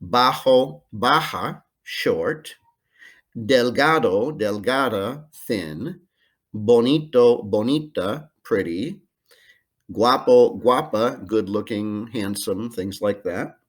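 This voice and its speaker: Guy recording a language lesson at home, lowish voice, careful, lots of uhs. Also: lively intonation. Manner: slow, careful modeling of phrases with filler ums. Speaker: Spanish teacher.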